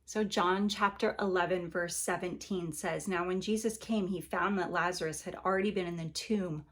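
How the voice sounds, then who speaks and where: A woman's voice: on the low side, fairly even intonation, moderate pace. A woman giving a devotional Bible lesson in a conversational, encouraging way, sometimes acting out quotes with playful energy. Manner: gentle and encouraging. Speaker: Bible teacher.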